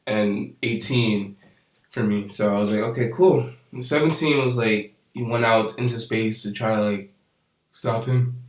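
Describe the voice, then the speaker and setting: A man's voice: mid-range voice, a bit bright, echoey room. A young man casually recapping and reviewing an anime episode, rambling with lots of fillers and laughs.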